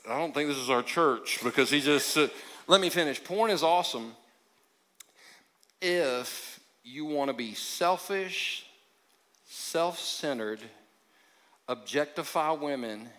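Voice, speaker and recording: Joking preacher man in a big hall. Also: mid-range voice. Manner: conversational preaching, joking, with sudden drops to quiet emphasis. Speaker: pastor. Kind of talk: sermon. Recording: long hall reverb.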